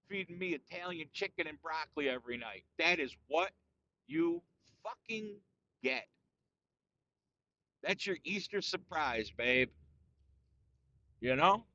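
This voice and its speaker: A man's voice: on the high side, pushed and bright, highs cut off. A man hosting a casual solo podcast rant, talking in a crude, profane and boastful way, calling everyone "dude". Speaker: podcast host.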